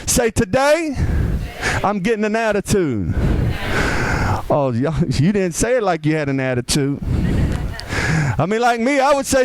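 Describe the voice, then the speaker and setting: A man preaching a lively, conversational sermon as pastor, asking the congregation questions. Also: sits high, moderate pace, low-quality recording.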